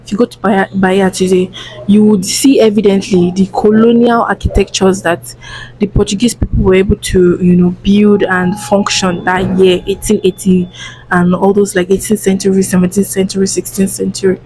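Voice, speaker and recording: A young Nigerian woman vlogger with a Nigerian accent, explaining in a hushed, lowered voice with chatty restarts and asides. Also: little pitch movement, moderate pace, slight background noise, low-quality recording. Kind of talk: casual explainer vlog.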